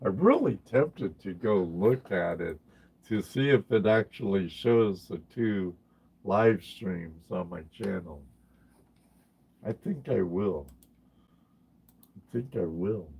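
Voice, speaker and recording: A man's voice: fairly low pitch, slow pace, creaky, pauses often, husky, lo-fi sound. A man hosting a casual livestream, chatting with viewers by name and often repeating his phrases. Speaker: livestream host.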